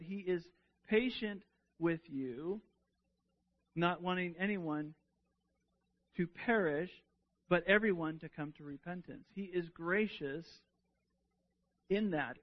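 A man with a high voice preaches a sermon at an unhurried pace. He speaks earnestly and often repeats a word as he restarts a thought. The recording sounds dull and lo-fi.

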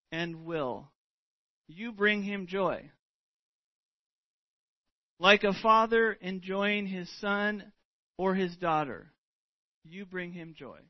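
A middle-aged man preaching a sermon as pastor, earnest and deliberate, stretching out words for emphasis. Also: high-pitched, no echo, muffled recording.

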